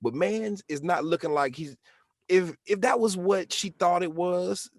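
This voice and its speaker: Animated slangy young man, dry mic. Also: high-pitched, a little slow, no room sound. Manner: animated, slangy, acts out quotes in bursts. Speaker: podcast co-host. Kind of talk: casual chat.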